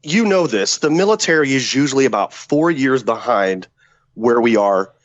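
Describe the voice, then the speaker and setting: A former special forces man tells a story as a podcast guest, cursing freely and animated as he acts out what people said. His voice sits at an ordinary middle pitch. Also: moderate pace, muffled recording. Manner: profane, animated, acts out quotes. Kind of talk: casual storytelling.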